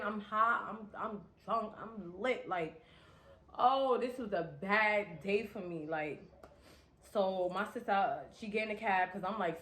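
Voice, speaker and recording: Animated young woman telling a story. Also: mid-range voice, unhurried, pauses often, reverberant. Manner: animated, swears freely, slangy. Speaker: vlogger. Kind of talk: casual storytime.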